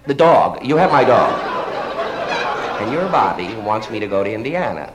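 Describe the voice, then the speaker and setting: A man delivering a comedy routine as one half of a phone call, stammering politely and getting flustered. His pitch swings widely from low mutters to high, exasperated peaks. The recording carries steady background noise. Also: moderate pace. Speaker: stand-up comedian. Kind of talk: one-sided telephone comedy monologue.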